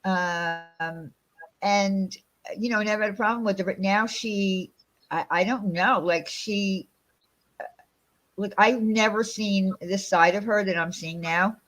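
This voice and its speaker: A woman's voice: medium pitch, unhurried, fairly bright tone. A woman hosting a casual livestream chat, talking in a heated, profane and rambling way. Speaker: channel host.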